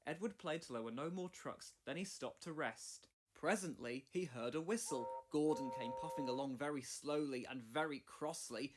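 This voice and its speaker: A man narrating a children's railway story as a read-along, in a clear, measured way. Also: a little high, background noise. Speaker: storybook reader.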